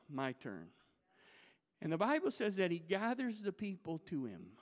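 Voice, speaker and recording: A male pastor delivering a sermon in a church, retelling a scripture story in a lively, dramatic way. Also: on the high side, smooth. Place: church sanctuary. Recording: reverberant church hall.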